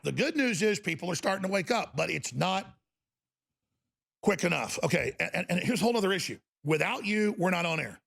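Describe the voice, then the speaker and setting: A man's voice: high voice, fairly bright tone. A male talk show host delivering a fervent, ranting radio monologue with mocking asides. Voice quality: gravelly.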